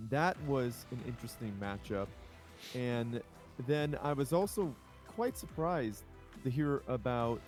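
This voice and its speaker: A man's voice: mid-range voice, a little mellow. Brief: male co-caster on a voice call, rambling and upbeat, faint music underneath. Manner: rambling, enthusiastic, self-correcting. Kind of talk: casual live-stream casting chat. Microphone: home microphone over an online voice call.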